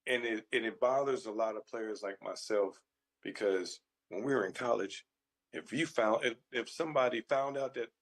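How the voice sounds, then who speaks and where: A man's voice: fairly low pitch, moderate pace. A man who once played pro football, talking casually on a radio show in an earnest, storytelling way. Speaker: former football player, co-host.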